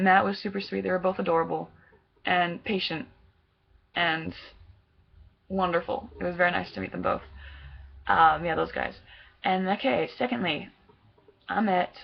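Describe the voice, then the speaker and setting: Young female fan vlogger, casual and gushing, rambles excitedly; voice has a gravelly fry, recorded on a dull lo-fi camera. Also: fairly low pitch. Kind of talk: casual chat recounting a concert meet-up.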